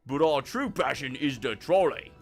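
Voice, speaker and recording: With faint music in the background, a streamer lightly acts out a game's chatty, trolley-fixated male miner in an affected Cockney accent. His mid-range voice keeps a moderate pace, and his delivery is hearty, lively, and storybook-like.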